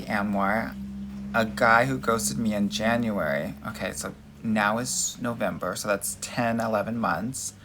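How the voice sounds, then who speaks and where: A man with a fairly low, fairly bright voice hosts a live dating Q&A, firing back at viewer comments with sass and emphasis and calling his audience girl and honey. A little hiss or hum sits in the background of this casual livestream chat.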